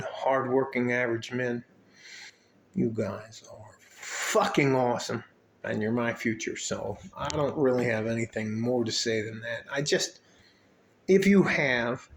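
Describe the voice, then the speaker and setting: An older man speaks straight to the camera at a middle pitch, wandering from point to point with plenty of swearing and a fatherly tone. The room around him is echoey, so his voice bounces back audibly. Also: slight background noise. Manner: rambling, profane, fatherly. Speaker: mentor and coach to young men. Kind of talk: casual vlog talk to camera. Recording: roomy echo.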